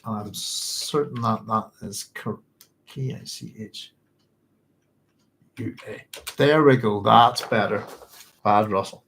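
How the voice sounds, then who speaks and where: A man's voice: fairly low pitch, slow pace, long pauses, slight background noise, rough recording. A man hosting a book club, chatting loosely, correcting himself and laughing often. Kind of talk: casual book talk.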